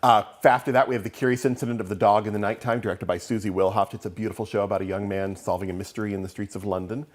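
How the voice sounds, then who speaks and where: A man's voice: lowish voice, steady tone, very fast, few pauses. A man, a theatre's artistic director, guesting in a TV studio interview, good-humored and upbeat as he runs through a season.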